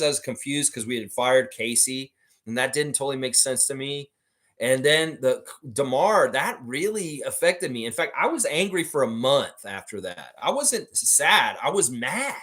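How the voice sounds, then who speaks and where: A man with a medium-pitched, somewhat bright voice hosts a casual sports livestream. He reads viewer comments aloud and answers them bluntly and profanely, speaking of himself in the third person.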